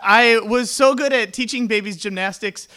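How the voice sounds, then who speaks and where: A young tenor man tells comic stories before an audience on a small stage, with a wry, self-mocking delivery. His high voice is bright, forceful, and clean, and he speaks at a normal speed.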